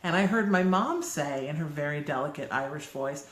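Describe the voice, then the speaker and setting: Brief: woman co-host, lowish voice, animated storyteller, roomy echo. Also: moderate pace. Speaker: radio host, co-host. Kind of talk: casual chat on a livestream. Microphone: phone livestream.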